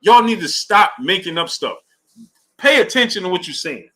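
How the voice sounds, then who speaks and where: Animated, bright-voiced man hosting a live stream. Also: high-pitched, a little fast. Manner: animated, talks to chat viewers by name. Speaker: sports live-stream host. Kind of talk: casual live-stream commentary.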